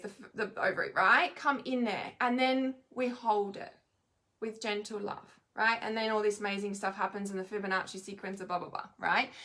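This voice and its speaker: A young woman speaks in a slightly raised register, with a bright, sharp edge to her voice. She leads a live spiritual healing session in a loose, rambling way. She keeps pausing to check that her listeners are following. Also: a little high. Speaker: intuitive energy healer. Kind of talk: live-streamed spiritual talk.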